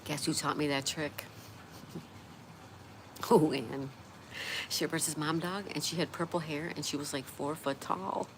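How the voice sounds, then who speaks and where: A lower-pitched woman hosts a relaxed livestream, reading out viewer comments one after another and answering them in a chatty, laughing way. Steady background noise sits under her voice. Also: unhurried, long pauses. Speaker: livestream host reading chat. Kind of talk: casual livestream chat.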